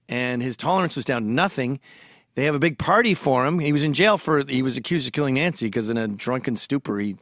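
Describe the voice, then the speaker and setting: A man's voice: mid-range voice, a bit bright, no echo, studio quality. A man hosting a storytelling monologue, gossipy and blunt, turning urgent and emphatic when he warns. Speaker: host.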